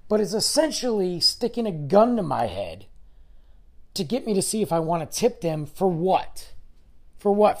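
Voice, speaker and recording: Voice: medium pitch, gravelly, darkish tone. A middle-aged podcast host ranting in a solo episode, exasperated and firing off mocking rhetorical questions. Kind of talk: solo opinion rant.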